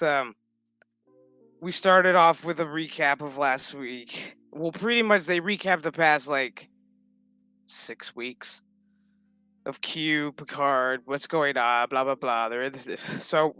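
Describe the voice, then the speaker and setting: A man with a slightly high, bright, forceful voice gives a loose, foul-mouthed recap of a TV episode, wandering off track and chuckling along the way. The sound is close and dry, with faint music running underneath. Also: no echo. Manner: rambling, profane, laughs often. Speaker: streamer. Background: background music.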